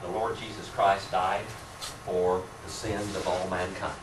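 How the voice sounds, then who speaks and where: Low-pitched and level, a man speaks a little slowly as he runs a church Bible class, questioning the students, chuckling often, and teasing them warmly. It's captured by a distant room mic in a roomy, amateur recording with a faint hiss.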